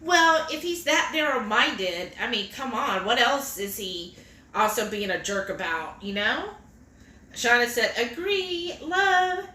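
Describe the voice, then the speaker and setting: A woman's voice: on the high side, expressive, takes it slowly, bright, forceful tone. A woman, co-hosting a cooking livestream and reading viewer comments aloud in a chatty, giggly way. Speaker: cooking stream co-host. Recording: echoey kitchen room.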